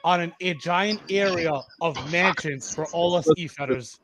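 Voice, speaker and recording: High-voiced man rambling through stories. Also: moderate pace, a bit bright, soft background music. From Massachusetts. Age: 30s. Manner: rambling, profane, repeats himself. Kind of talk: casual voice chat storytelling.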